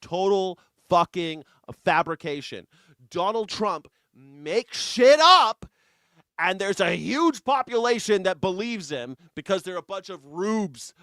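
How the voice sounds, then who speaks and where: A man hosting a live news reaction show, profane and mocking, at times slipping into a soft taunting croon. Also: high-pitched, dry recording, clean studio sound. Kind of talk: live political commentary.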